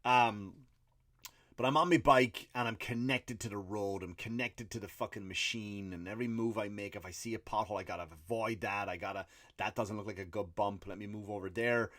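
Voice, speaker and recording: A man's voice: fairly low pitch, a little fast, dry recording, clean studio sound. Irish man in a profane comic rant. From Ireland. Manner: profane, animated storytelling with acted-out quotes. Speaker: comedian and podcast host. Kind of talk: ranting comedic monologue.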